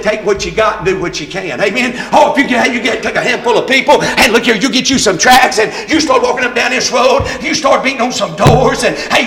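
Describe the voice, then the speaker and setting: A man preaching a shouted revival sermon, calling on the congregation to say amen. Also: very high-pitched. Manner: call-and-response, repeatedly urging the congregation to say amen. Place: church sanctuary with congregation. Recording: echoey church with faint crowd.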